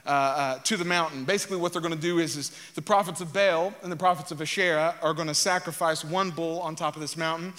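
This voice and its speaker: A man preaching a sermon, reading scripture aloud and joking with animated energy. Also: a little high. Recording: long hall reverb.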